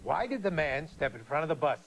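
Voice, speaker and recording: An actor playing a deadpan male doctor who calls himself an expert on death, talking in jargon and corny jokes in a satirical talk show comedy. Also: on the high side, fairly quick, a little hiss or hum. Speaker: guest expert.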